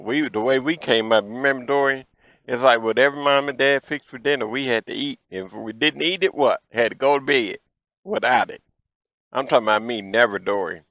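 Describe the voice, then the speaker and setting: A man in his fifties hosting a show, telling childhood stories in a folksy, animated way. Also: medium pitch, no room sound, low-quality recording. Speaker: show host. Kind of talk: storytelling childhood memories.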